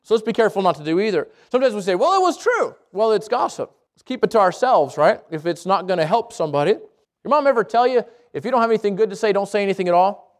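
A man preaching a sermon to a congregation, lively and conversational, with jokes, asides and quick self-corrections. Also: high voice. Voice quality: speaks around braces. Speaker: pastor.

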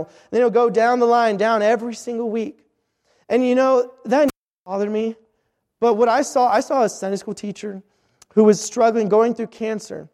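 A high-pitched man preaches with earnest urgency, circling back and restarting his phrases as he pleads with the listener. His voice rings out with a long hall reverb behind it. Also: steady tone, normal speed, darkish tone. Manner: earnest, repetitive, with frequent restarts. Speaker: missionary preacher. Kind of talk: sermon.

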